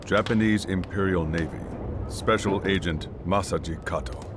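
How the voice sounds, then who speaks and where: An actor playing a grave, measured man in a game cutscene, speaking quietly and deliberately. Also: low voice, noisy background, close to an everyday voice. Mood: solemn.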